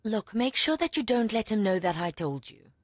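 A woman playing a teasing, caring middle-aged aunt in a dubbed TV drama, with a wry, gently mocking manner. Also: medium pitch, big pitch swings, moderate pace, no echo, studio quality.

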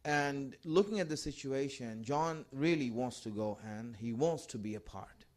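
A man's voice: mid-range voice, animated, moderate pace, a little mellow. A man telling a religious story as a sermon, emphatic and repeating key phrases. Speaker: religious speaker.

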